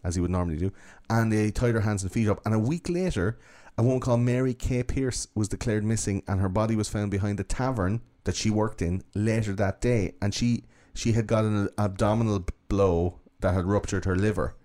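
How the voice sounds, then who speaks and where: A man's voice: lowish voice, a little fast, hardly any pauses, warm tone. A man hosting a podcast, telling a true-crime story in a casual, profane, joking way. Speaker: podcast host.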